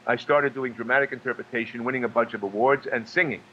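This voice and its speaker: A man from New York speaks at an ordinary pitch, telling stories haltingly and circling back with fillers and repeated words. His voice comes through slightly dull remote audio with a faint hum behind it. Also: steady tone. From New York, USA. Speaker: guest, actor and singer. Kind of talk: casual storytelling interview.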